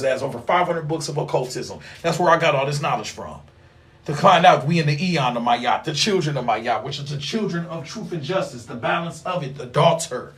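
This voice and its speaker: A man's voice: a little high, a bit bright. A man hosting a livestream, lecturing in a rambling, profane, preachy way full of slang. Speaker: livestream host teaching occult class. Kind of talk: casual livestream talk.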